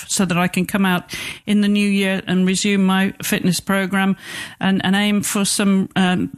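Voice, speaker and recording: A man hosting a sports podcast, chatting casually and restarting his words often. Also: high voice. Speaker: podcast host.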